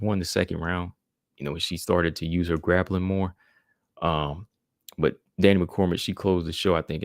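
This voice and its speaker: A man with a low, gravelly voice talks through fight results in a loose, easygoing way, leaning on "man" and "you know" as he goes. The sound is close and dry, with no room around it. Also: no room sound. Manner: laid-back, fills with "man" and "you know". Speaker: podcast host. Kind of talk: casual fight-recap commentary.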